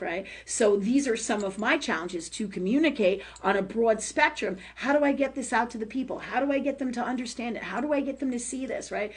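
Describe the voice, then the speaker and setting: A woman hosting a live online talk forum, chatting casually and animatedly about astrology, swearing often and tagging her points with "right?". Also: a little high. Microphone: livestream setup.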